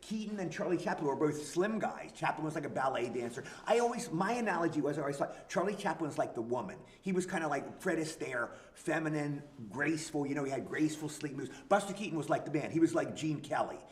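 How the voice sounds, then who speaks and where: An older man, an actor guest at a convention, telling stories in an animated way and acting out comic bits. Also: a little high, quick pace, few pauses. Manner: animated, tells anecdotes and acts out bits. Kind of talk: convention interview storytelling. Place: convention hall, live stream. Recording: echoey room.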